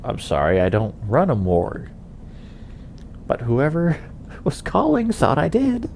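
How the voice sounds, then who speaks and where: A man's voice: medium pitch, huge pitch swings, a little slow, creaky, darkish tone, slight background noise. A young man chatting casually while playing a game, rambling with chuckles and lots of fillers. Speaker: gaming channel host.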